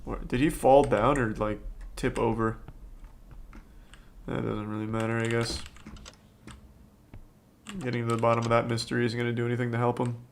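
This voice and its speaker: A man giving deadpan, sarcastic commentary while playing a horror game on stream, with sudden startled yelps at the scares. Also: medium pitch, normal speed, vocal fry, pauses often, slight background noise. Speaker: gaming streamer. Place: home streaming setup on webcam.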